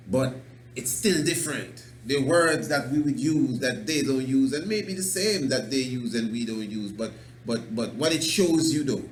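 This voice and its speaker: A man from Antigua with an Antiguan accent, hosting a radio talk show in an emphatic, preachy monologue that restarts words and breaks into chuckles. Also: medium pitch. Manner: loose, repeats and restarts words. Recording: roomy echo, faint background noise.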